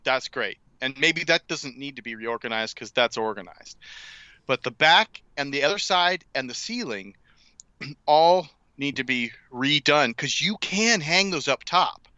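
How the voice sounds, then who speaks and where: A man's voice: mid-range voice, lively intonation, a little slow, bright, forceful tone, clean tone, no room sound, lo-fi sound. A man co-hosting a casual comedy podcast, teasing his partner and then laying out plans in an orderly way. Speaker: podcast co-host.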